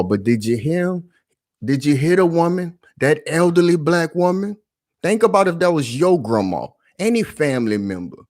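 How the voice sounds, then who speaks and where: A man's voice: medium pitch, darkish tone. A man giving casual reaction commentary, emphatic and full of street slang, often calling out to his viewers.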